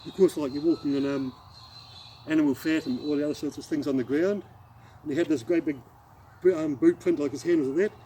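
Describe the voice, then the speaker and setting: Rambling Australian man, mellow, fairly high voice. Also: steady tone, a little hiss or hum, low-quality recording. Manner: rambling, halting storyteller who demonstrates moves while talking. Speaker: martial arts instructor. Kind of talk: casual spoken anecdote with demonstration.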